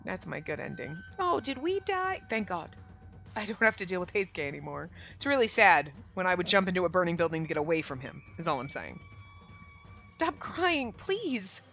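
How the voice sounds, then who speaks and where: A young female gaming streamer reads a visual novel aloud while playing, offering sarcastic, exasperated commentary with frequent swearing. Her voice is fairly low, quick, gravelly, and fairly bright, with faint game music behind her.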